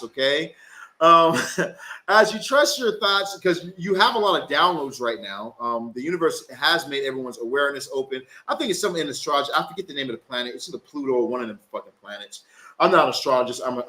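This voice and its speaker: A young man reads tarot for his viewers over a live phone stream. His voice sits a bit high, bright and sharp, and it leaps around with lively swings. He talks in a loose, rambling way full of fillers and curse words. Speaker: tarot reader and spellcaster. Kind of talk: live-stream tarot reading and casual chat.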